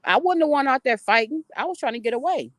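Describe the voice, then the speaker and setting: A woman's voice: sits high, animated, quick pace, fairly bright tone, dry recording. A middle-aged woman telling stories on a phone livestream outdoors, emphatic, blunt and profane. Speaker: livestream host. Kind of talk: casual livestream storytelling. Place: outdoors near trees.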